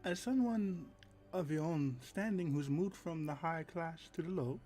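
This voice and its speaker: A man voicing a smooth, evasive man who deflects questions about his shifting accents, speaking calmly and soothingly. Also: a little high, measured pace, soft background music, voice pushed up, natural voice. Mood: smooth, reassuring.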